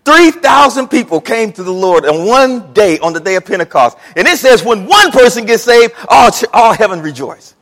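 Animated high-voiced man preaching. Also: moderate pace, hardly any pauses, big-room sound. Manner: animated preaching, Southern folksy speech, acts out quotes. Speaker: pastor. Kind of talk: sermon.

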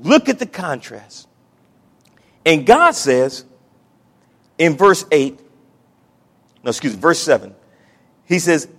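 A male pastor preaching a sermon, with dramatic swings from hushed, drawn-out lines to loud exclamations. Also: fairly high pitch, very animated.

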